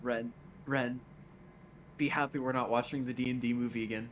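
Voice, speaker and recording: A man's voice: medium pitch, little pitch movement, fairly quick, a little hiss or hum. A man chatting on a livestream with friends who laughs a lot, swears and begs for mercy in a joking way. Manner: laughing, swearing, mock-pleading. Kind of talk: casual stream chat.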